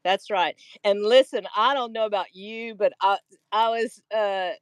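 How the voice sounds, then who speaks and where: A Southern-accented woman hosting a craft livestream, chatting in a warm, lively way and laughing a lot. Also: medium pitch, unhurried, clean tone, dry recording. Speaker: livestream host. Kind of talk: casual livestream chat.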